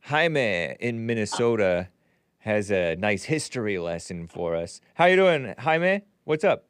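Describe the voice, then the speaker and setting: A man's voice: lowish voice, very animated, unhurried, clean tone, no echo, clean studio sound. Upbeat man hosting a call-in show. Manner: chatty, upbeat, bursts into loud greetings. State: voice slightly strained. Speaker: show host. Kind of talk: casual live call-in show.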